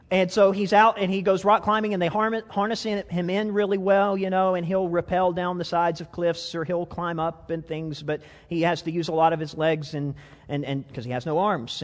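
A man preaching a conversational sermon, self-deprecating and full of restarts, to a congregation. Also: sits high. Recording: long reverb of a hall.

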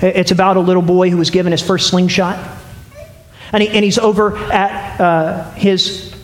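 A man preaching a sermon as pastor, telling a story in an animated way. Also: high voice, moderate pace, reverberant. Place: church.

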